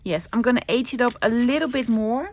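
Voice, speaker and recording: Gravelly Dutch-accented woman crafting. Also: on the high side, fairly quick, a little mellow, no echo. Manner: chatty, thinks aloud and answers her own questions. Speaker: crafting vlogger. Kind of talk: casual crafting commentary.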